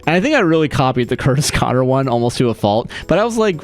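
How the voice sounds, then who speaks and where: A man streaming a game from home, talking loosely into his microphone. He rambles, swears freely and keeps breaking into laughter. His pitch sits mid-range for a man, with faint game music underneath. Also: sing-song, fast. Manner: rambling, profane, laughs often. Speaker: livestreamer. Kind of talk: casual chat while streaming a game.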